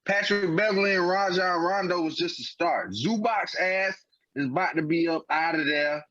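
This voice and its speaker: Man, podcast co-host, high voice, animated slangy sports debate, muffled audio. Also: moderate pace. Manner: animated, emphatic, heavy slang.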